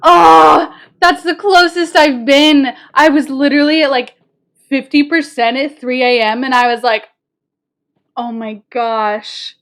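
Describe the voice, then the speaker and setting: A young woman streaming a game at home, chatting casually and excitably with her viewers, breaking into squeals of joy. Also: high voice, normal speed. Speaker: gaming streamer. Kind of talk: casual live-stream chat. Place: home, moving to kitchen.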